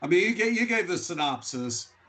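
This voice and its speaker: A man in casual podcast chat, offering plain, measured comments. His voice sits a little high. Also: sing-song, bright, forceful tone. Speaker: podcast guest.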